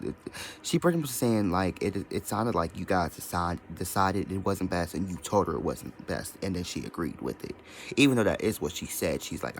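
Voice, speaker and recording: A man's voice: deep voice, sing-song, fairly quick, a little hiss or hum. A man giving a scattered, profane, rambling commentary in a casual vlog. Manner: scattered, profane, mimics others in quoted voices. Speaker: social media commentator.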